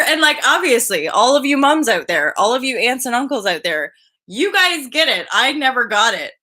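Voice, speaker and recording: Bright-voiced woman rambling on a live stream. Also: moderate pace. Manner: animated, sidetracking, swings into high gushing voices. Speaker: spiritual vlogger hosting a live energy update. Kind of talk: rambling casual live chat.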